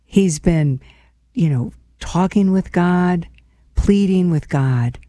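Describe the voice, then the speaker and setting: A woman speaks in a mellow, warm voice, hosting a devotional program. Her talk is earnest and personal, reflecting on scripture as if chatting with friends. The recording is dry and close, with no room sound. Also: fairly low pitch, takes it slowly, dry recording. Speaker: host of a devotional show.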